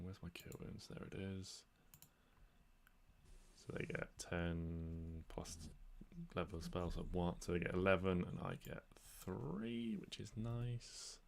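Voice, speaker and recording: Casting note: deep, gravelly man talking through his turn, halting and full of fillers. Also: animated. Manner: hesitant, casual, many fillers. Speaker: player. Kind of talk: tabletop game play.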